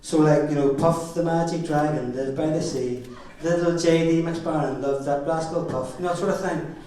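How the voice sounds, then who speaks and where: At a wedding, a middle-aged Northern Irish father of the bride tells family anecdotes in a jokey way, chuckling as he goes. His voice is a little high for a man, warm, with fairly even intonation at a normal speed. He stands far from the mic in a very echoey hall.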